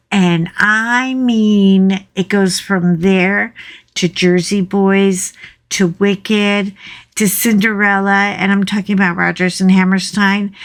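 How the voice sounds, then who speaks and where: A woman chatting casually to her viewers, rambling from one thought to the next with lively asides. She takes her time, speaking at an unhurried pace in a middle-pitched voice. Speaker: vlogger. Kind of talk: casual chat.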